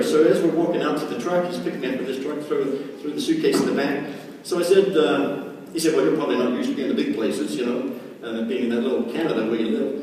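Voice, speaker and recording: Motivational speaker, male, slightly high voice, lively storyteller; distant mic in a big echoing hall with clear room noise. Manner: energetic, acts out quoted voices, laughs often. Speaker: speaker at a sales meeting. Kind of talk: motivational stage talk with anecdotes. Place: large meeting hall. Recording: echoey hall mic from far off, noisy.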